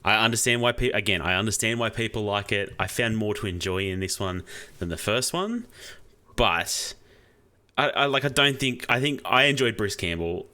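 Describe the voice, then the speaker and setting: A man co-hosting a film review podcast, giving measured, considered opinions in casual chat. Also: on the low side, animated, bright, forceful tone. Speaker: podcast co-host reviewing films.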